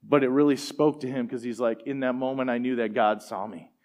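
A middle-aged man preaching a sermon and telling personal stories in a relaxed, conversational way, with plenty of fillers. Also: mid-range voice, fairly quick. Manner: conversational, animated storytelling with fillers. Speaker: pastor. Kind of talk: sermon storytelling.

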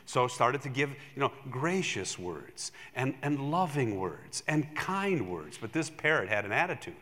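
A male pastor preaching a sermon in a church, telling stories with animation and swinging from loud emphasis to hushed asides. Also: medium pitch, sing-song, unhurried, few pauses, big-room sound.

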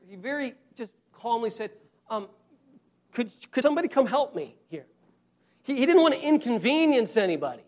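A male preacher with a notably high voice delivers a sermon. He talks earnestly and directly to his listeners, as if in conversation. He stresses his main points by repeating them slowly. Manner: earnest, repeats key phrases slowly for emphasis; conversational, addresses the congregation directly.

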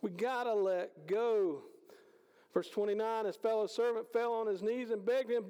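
Male preacher, high and gravelly, conversational sermon, long hall echo. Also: measured pace. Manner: conversational preaching, swings between loud and hushed. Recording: hall reverb.

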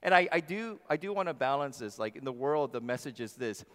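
A man's voice: medium pitch, a little fast, hardly any pauses. Emphatic male pastor in a reverberant hall. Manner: emphatic, swinging between loud and soft. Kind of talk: sermon. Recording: long reverb of a large hall.

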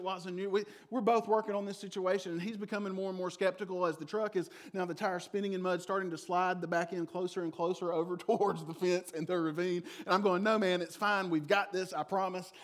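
A middle-aged man preaching a sermon, telling a lively personal story that swings from loud excitement to soft, reflective moments. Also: high-pitched. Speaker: pastor.

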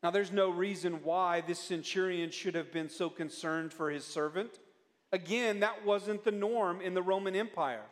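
Male pastor, higher voice, unhurried, earnest sermon, long church-hall reverb. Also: steady tone. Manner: earnest, drops to soft low tones when pleading.

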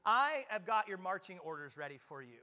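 A male pastor preaching a lively sermon at a church service, playful and joking with frequent quick restarts. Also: sits high. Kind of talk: lively sermon with audience play.

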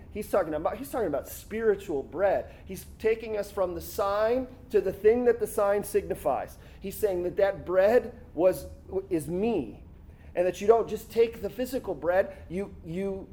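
A man preaching a sermon in an animated, conversational way, acting out quoted lines. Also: sits high, moderate pace. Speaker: pastor.

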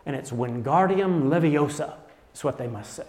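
A man preaching a sermon from the pulpit, his voice sitting a little high. He talks in an earnest way, sinking quiet and then lifting with emphasis. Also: animated, moderate pace, in a large hall. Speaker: pastor.

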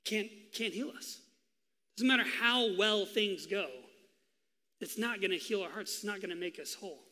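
A man preaching a sermon as pastor, telling the story with lively, acted-out quotes. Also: sits high, in a large hall. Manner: animated storytelling, acting out voices in quotes.

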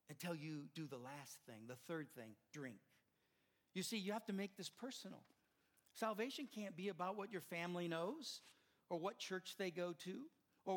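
An older man preaching a sermon as pastor, impassioned and swelling louder at the climaxes. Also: high voice.

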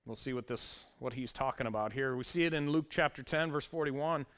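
A man's voice: mid-range voice, fairly quick, fairly bright tone. A male pastor preaching a sermon, reading scripture aloud with wry, conversational asides to the congregation.

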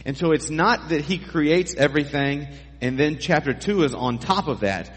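A man's voice: a little high, lively intonation, normal speed. Man preaching in an echoing hall. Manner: conversational, jokey asides to the congregation. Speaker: pastor. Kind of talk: sermon.

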